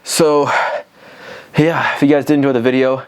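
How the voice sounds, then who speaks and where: A man's voice: mid-range voice, little pitch movement, moderate pace, smooth. Breathless young man coaching a home workout. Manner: loose and rambling, swears casually. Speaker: fitness vlogger. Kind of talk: casual workout instruction. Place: small bedroom at home. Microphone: camera on a tripod.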